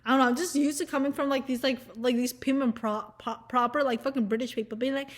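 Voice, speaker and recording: High-voiced woman rambling. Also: fairly even intonation, fast talker, hardly any pauses. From Southern United States. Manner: rambling, profane, giggly, lots of fillers. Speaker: vlogger. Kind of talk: casual chat.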